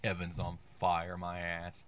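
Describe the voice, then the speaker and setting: A man's voice: deep voice, monotone, measured pace, fairly bright tone, a little hiss or hum. A man hosting a comic show, delivering a sarcastic, rambling, irreverent monologue. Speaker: podcast host.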